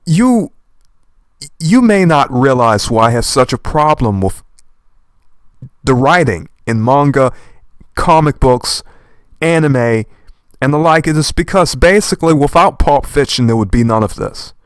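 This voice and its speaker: A young man with a slight lisp talks fast and passionately, slipping old-fashioned verb endings into his rambling commentary. His voice sits at an ordinary middle pitch. The recording is close and dry, with no room sound. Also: clean tone, dry recording. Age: young adult. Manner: animated, fast and passionate talker. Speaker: channel host reading a manga aloud. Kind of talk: rambling commentary while reading aloud.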